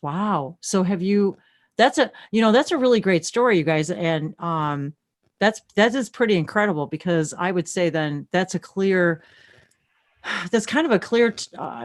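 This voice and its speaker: A woman's voice: on the low side, moderate pace. A woman hosting a live-stream chat, talking in a gushing, rambling way with many restarts and breaking into channeled light language. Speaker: host.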